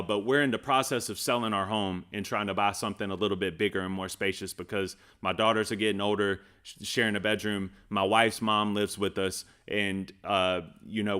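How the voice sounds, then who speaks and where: A man's voice: mid-range voice, pushed and bright. A man in his thirties talking earnestly and casually to his viewers, often restarting his sentences. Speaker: reaction channel host. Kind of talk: casual heartfelt personal talk to viewers.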